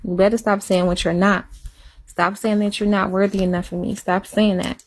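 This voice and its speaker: A woman chatting casually and confessionally, rambling and repeating herself, sometimes dropping to a hush. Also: medium pitch, level tone, normal speed. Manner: rambling, repeats herself, soft and hushed at times. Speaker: live-stream chatter.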